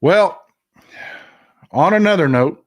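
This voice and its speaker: A man's voice: on the high side, expressive, slow pace. A man hosting a live news commentary stream, bluntly reacting to viewer comments, emotional and swearing at times. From Texas. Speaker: livestream news commentary host.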